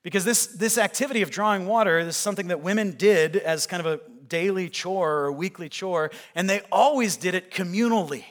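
A man's voice: high-pitched, a little fast, hardly any pauses. A male pastor preaching a sermon, retelling a scripture story in a conversational way.

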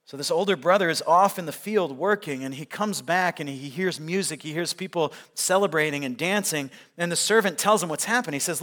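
A man preaching a sermon, swinging from loud, emphatic lines to hushed, quiet ones as he works through a passage. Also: fairly high pitch, fairly quick, hardly any pauses. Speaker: pastor.

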